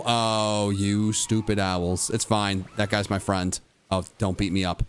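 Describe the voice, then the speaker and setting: Slow-talking young man streaming a game. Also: a little hiss or hum. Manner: animated talking to himself, mock-dramatic groans and sudden high yelps; addresses his chat directly. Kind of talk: live gameplay commentary.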